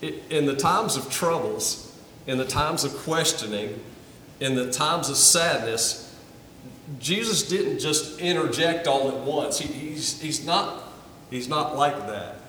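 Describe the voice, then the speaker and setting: Pastor preaching in an echoing church. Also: male voice, on the high side, lively intonation, slow, pushed and bright, a little hiss or hum. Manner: earnest, repeats words when starting phrases. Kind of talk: sermon. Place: church sanctuary. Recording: roomy hall, from a distance.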